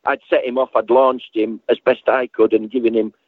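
A man at medium pitch talks a little fast in a slightly rough voice, recorded dry with a tinny phone-line sound. As an interview guest remembering a late friend, he tells a rambling story, animatedly acting out other people's voices and often restarting his sentences.

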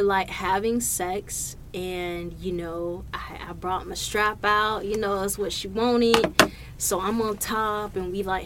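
A woman hosting her own podcast, telling stories in a profane, animated, laughing way. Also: mid-range voice, a little hiss or hum. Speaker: podcast host. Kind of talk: casual solo podcast storytelling.

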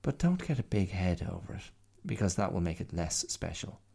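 A man's voice: low-pitched, very animated, normal speed, creaky, dark tone, slightly rough, full character voice. A man voicing a proud, fussy little male bear in a storybook reading, speaking in a prim, matter-of-fact way.

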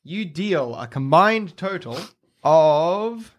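Man, game master, tabletop game narration, quick bursts, laughs often. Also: a little high, animated, a little hiss or hum.

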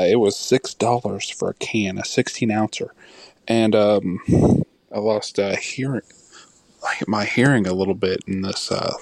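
A man chatting casually on a podcast, halting and full of pauses and fillers. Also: dry recording. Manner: halting, full of ums, low-key. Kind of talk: casual chat.

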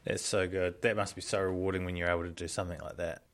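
A man hosts a casual podcast interview with short, appreciative reactions. His voice sits low. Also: little pitch movement, fast talker, a bit bright. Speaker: podcast host.

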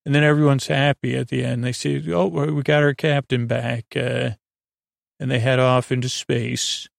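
A man's voice: medium pitch, fairly even intonation, moderate pace, gravelly, no room sound, studio quality. A man hosting a podcast, giving a meandering episode recap for sleep, full of fillers and loose paraphrase. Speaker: podcast host.

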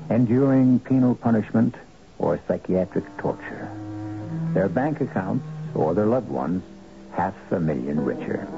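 A man's voice: low-pitched, gravelly, noisy background. A man narrating a radio drama in a grave, emphatic manner. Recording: dull old radio recording with music.

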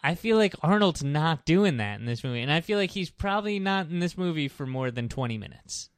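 Smooth-voiced skeptical man. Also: a little high, lively intonation, brisk, dry recording, clean studio sound. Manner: skeptical, complaining, sighs. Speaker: podcast co-host. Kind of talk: casual chat.

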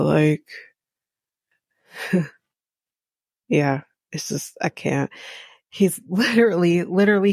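A woman's voice: on the low side, gravelly, darkish tone, no echo, clean studio sound. A woman from Jamaica hosting a podcast, giving blunt, sarcastic casual commentary and swearing freely. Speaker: podcast host recapping a reality show.

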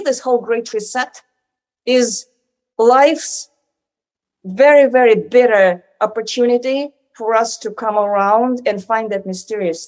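A woman's voice: a little high, a little mellow. A woman speaking in a conversational interview, rambling and full of "like" fillers and restarts.

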